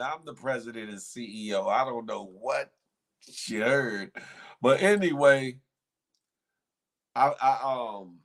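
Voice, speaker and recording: A man's voice: mid-range voice, a bit bright. A man hosting a live morning show, casually chatting and reading viewer comments with playful banter, frequent laughter and slangy speech. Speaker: show host.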